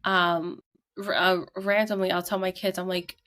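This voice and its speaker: A woman's voice: lowish voice, level tone, moderate pace, fairly bright tone. A young woman co-hosting a casual podcast, telling stories in a chatty way and laughing often. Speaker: podcast co-host.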